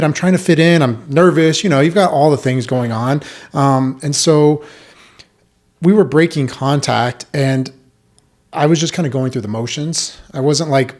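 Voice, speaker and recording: Male podcast host, thirties, mid-pitched, conversational, animated storyteller. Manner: animated, acts out quoted voices. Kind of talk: casual conversational interview.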